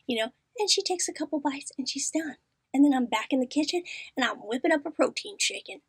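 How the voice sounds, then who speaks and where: A middle-aged woman hosts a podcast, telling a story with a lot of energy. Her voice sits high and the sound is close and dry. She often drops into hushed, whispered asides. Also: quick pace, dry recording. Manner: animated, often dropping to a whisper. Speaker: podcast host. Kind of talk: casual storytelling.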